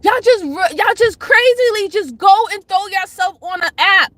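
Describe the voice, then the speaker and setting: A woman hosting a casual livestream, her voice high and bright. She shouts out chatters by name, then lectures and pleads with her viewers, hammering the same points again and again. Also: normal speed, dry recording. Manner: emphatic, repeats herself. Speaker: livestream host.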